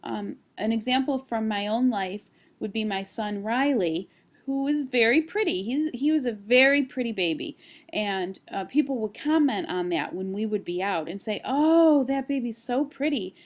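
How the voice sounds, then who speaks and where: A woman in her thirties, a college instructor, giving a recorded screencast lecture at a steady explanatory pace with occasional fillers. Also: mid-range voice, normal speed.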